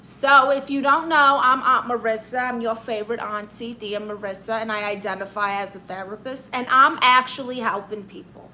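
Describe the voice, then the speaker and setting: A woman putting on a sassy Brooklyn aunt with a bright, high-ish voice, firing back quick comebacks as she reads chat on a comedy livestream. She's brassy and self-assured, and there's a faint hiss of noise under her. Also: steady tone. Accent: Brooklyn New York. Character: brash Brooklyn aunt who plays a self-appointed therapist. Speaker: comedian doing a character livestream. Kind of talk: character comedy livestream reading chat comments.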